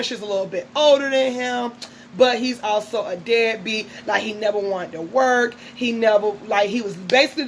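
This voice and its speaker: A woman's voice: mid-range voice, slight background noise, low-quality recording. A woman casually recapping a reality show episode in a chatty, gossipy way.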